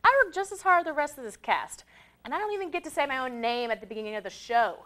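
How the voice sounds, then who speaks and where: A woman's voice: high-pitched, animated, fast talker, fairly bright tone. A young woman co-hosting a comic student TV show, delivering an indignant, complaining rant. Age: young adult. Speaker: co-host.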